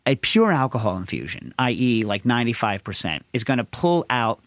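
A man's voice: medium pitch, a little fast, dry recording. Man, podcast host, loose chatty delivery, wanders off on tangents, mid-range voice, dry mic. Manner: rambling, tangent-prone, animated storytelling. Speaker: podcast host answering listener questions. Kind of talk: casual chat.

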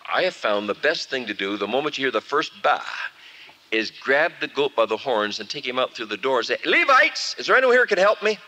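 Animated man preaching a sermon. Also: lowish voice, slight background noise, low-quality recording. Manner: animated storytelling, acts out scenes. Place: camp meeting before a live audience. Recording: archival 1979 camp meeting recording.

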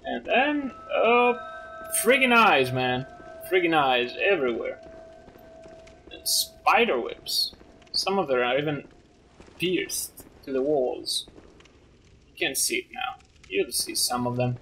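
A man commentating a video game, excitable and given to loud goofy exclamations. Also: a little high, takes it slowly, long pauses, soft background music. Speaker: gaming commentator. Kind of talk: let's play commentary.

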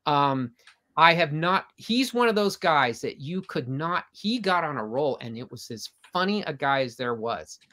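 A man's voice: fairly high pitch, big pitch swings, a little slow. An older man, a comic artist guest, telling long anecdotes with frequent restarts in a casual interview. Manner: rambling, warm anecdotes with restarts.

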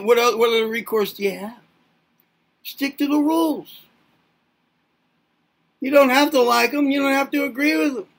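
A man's voice: high voice, fairly bright tone, slightly rough. A man giving an informal self-help talk, rambling through rhetorical questions with casual swearing. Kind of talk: informal lecturing monologue.

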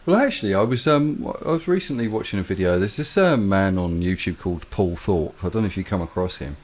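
Man, low voice, rambling storyteller, casual chat co-host. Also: quick pace. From London, England. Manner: rambling, animated storytelling with laughs. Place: home in the Philippines.

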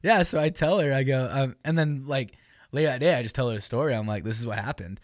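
A man's voice: mid-range voice, fast, dry recording, clean studio sound. A man in his twenties, a podcast host, telling embarrassing stories in casual chat, often laughing and acting out what people said. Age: 20s. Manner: animated storytelling with laughs and acted-out quotes.

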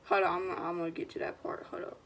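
A young woman, telling a storytime vlog in a slangy, animated, casual way and quoting what people said. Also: fairly low pitch, fast. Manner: animated, slangy retelling with quoted voices. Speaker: vlogger.

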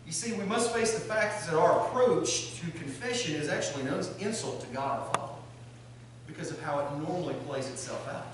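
A man with a high voice delivers an animated sermon, acting out the voices he quotes. He sounds far from the mic in a strongly echoing chapel, with a faint hiss behind him. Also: normal speed. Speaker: military chaplain.

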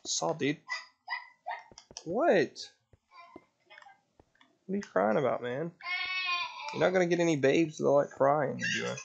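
A man's voice: fairly high pitch, expressive, measured pace, gravelly, long pauses, highs cut off, a little hiss or hum. A man streaming a game live, grumbling and swearing with sarcasm while chatting to his baby son. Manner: talks to his baby son between tasks. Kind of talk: casual gaming live stream chat.

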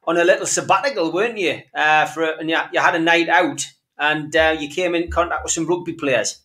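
A man's voice: a little high, fairly even intonation, a little fast, a bit bright. A man asking friendly, chatty interview questions. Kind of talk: casual interview.

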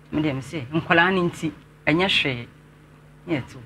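A man's voice: on the high side, normal speed, bright, forceful tone, slight background noise. Earnest Ghanaian man telling his story. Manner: earnest, respectfully addressing the host. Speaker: interview guest.

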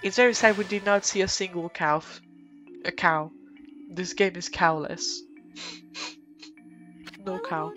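A woman's voice: on the low side, steady tone, a little slow, pauses often, dull audio. Joking woman streamer over game music. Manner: goofy, joking, swears freely. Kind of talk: casual game commentary. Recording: game music playing behind.

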